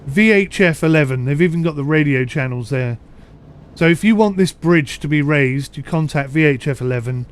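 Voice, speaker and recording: A UK streamer with a mixed southern English accent chats and rambles through live commentary on a ship simulator while answering his chat. His voice is fairly high and moves at a normal speed, with a slight hiss or hum on the recording.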